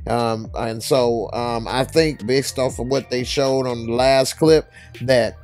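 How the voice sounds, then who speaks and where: A man's voice: medium pitch, darkish tone. A man casually recapping a TV episode in a laid-back, slangy way, with many filler words. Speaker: TV episode reviewer.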